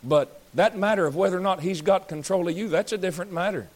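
A pastor in his 30s delivers a fiery, blunt and folksy sermon, scolding his congregation and joking with them. His voice is high and his pace quick.

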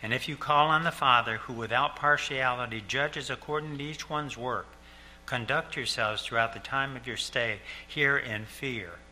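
Bright-voiced older male pastor preaching. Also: medium pitch, slight background noise. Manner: earnest, repeats key lines slowly for emphasis. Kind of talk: sermon. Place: church sanctuary.

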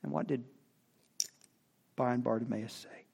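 A man preaching a sermon at an unhurried pace, in a voice of ordinary pitch for a man. He reads scripture slowly, then rises into loud, impassioned cries. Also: fairly even intonation, creaky, slightly rough. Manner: slow, building to loud impassioned cries when quoting scripture. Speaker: pastor.

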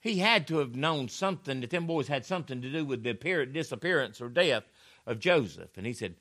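Bright-voiced preacher. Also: male voice, medium pitch, expressive, fairly quick. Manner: folksy storytelling, emphatic rises and drops. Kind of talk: sermon.

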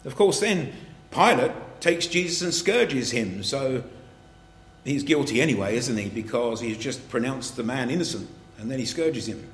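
A male preacher gives an earnest sermon, reading old scripture wording and pressing his points with rising emphasis. His medium-pitched voice rings through an echoey church hall. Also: animated, moderate pace.

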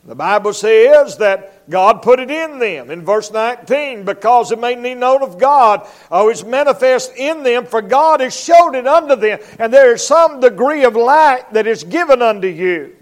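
High-voiced evangelist preaching. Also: male voice, expressive, moderate pace, few pauses. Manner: emphatic preaching, acts out voices and barking dog. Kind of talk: revival sermon. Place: church.

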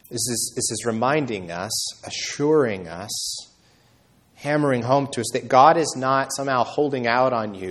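A man preaching a sermon as pastor, earnest, with emphatic rises and slowed stressed words. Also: medium pitch.

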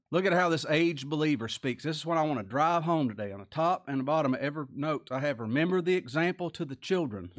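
Guy preaching, earnest and folksy, kinda high voice. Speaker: pastor. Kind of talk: sermon.

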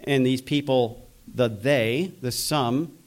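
A man preaching a sermon, earnest and steady, now and then mimicking the people he criticizes. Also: mid-range voice, takes it slowly. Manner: earnest preaching, slips into mocking quoted voices. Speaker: pastor.

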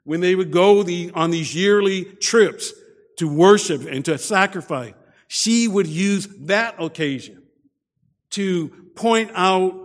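Slow, high-voiced male preacher. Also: big-room sound. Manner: repeats words at starts, soft dramatic drops. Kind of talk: sermon.

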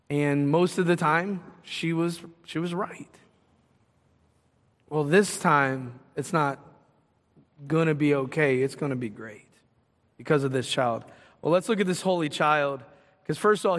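Pastor, male, higher-pitched, conversational sermon that builds in emphasis; church hall reverb. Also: measured pace. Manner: conversational preaching with rising emphasis.

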